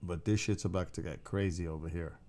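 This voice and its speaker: A man's voice: sits low, fairly even intonation, a little fast, a little mellow. A man chatting casually on a live stream, laid-back and rambling, swearing now and then and talking to his dog between comments. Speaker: skywatching livestreamer.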